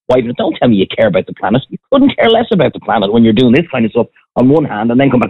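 A man's voice: mid-range voice, sing-song, racing, hardly any pauses, breathy edge. An Irish man, a former restaurant owner, ranting bluntly in a casual chat as a podcast co-host. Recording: dry, phone-like band.

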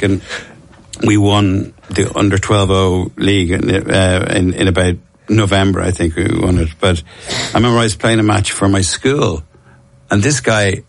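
Low-voiced Dublin man spinning yarns. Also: vocal fry. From Ireland. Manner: rambling, self-deprecating, frequent restarts and laughs. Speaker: actor, interview guest. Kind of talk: casual storytelling interview.

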